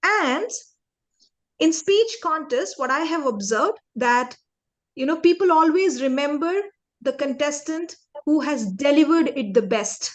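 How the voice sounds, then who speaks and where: A woman with a bright, high-pitched voice teaches public speaking to young students at a measured pace in an interactive lesson. She's animated and demonstrative, stopping often to make sure the class is following and acting out good and bad delivery.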